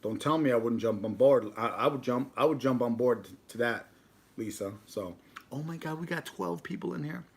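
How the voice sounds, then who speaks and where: A man's voice: medium pitch, expressive, moderate pace, gravelly. A man hosting a casual live stream, rambling and joking while he talks to his dog and to the chat. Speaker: livestream host.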